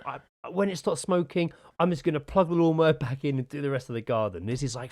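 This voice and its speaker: A man co-hosting a podcast, telling animated stories in casual chat and swearing a lot. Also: fairly high pitch, fast talker, hardly any pauses, no echo, studio quality. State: sore from gardening. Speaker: podcast co-host.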